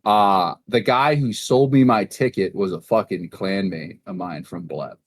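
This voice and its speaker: A young man from Massachusetts co-hosting a casual gaming podcast, rambling and swearing freely, jumping into animated voices when he retells conversations. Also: fairly low pitch, unhurried, no echo. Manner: rambling, profane, animated in retold dialogue. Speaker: podcast co-host.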